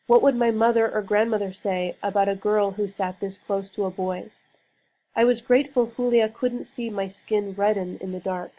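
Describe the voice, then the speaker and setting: Woman, audiobook narration, earnest and steady, warm mellow tone. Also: mid-range voice, moderate pace, muffled recording. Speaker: reader.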